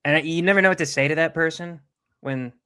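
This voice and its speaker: A man's voice: a little high, fast talker, sharp tone, smooth. A man co-hosting a podcast, telling easygoing anecdotes with frequent chuckles. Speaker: podcast co-host. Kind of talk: casual chat, storytelling.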